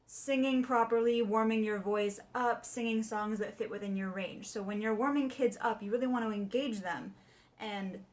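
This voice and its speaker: A young adult woman voice teacher explaining warm-ups in a chatty way and singing short demonstrations. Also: mid-range voice. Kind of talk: casual video lesson.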